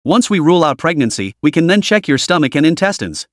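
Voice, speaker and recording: Brief: soft-spoken caring doctor, done by a male narrator, lively pitch. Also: quick pace, dry recording, studio quality. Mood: gentle. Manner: gentle. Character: gentle hospital doctor, kindly advising.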